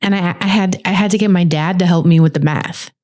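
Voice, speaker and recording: A woman co-hosting a podcast, chatting casually and explaining things at length in a lively, talkative way. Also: on the low side, brisk. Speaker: podcast co-host.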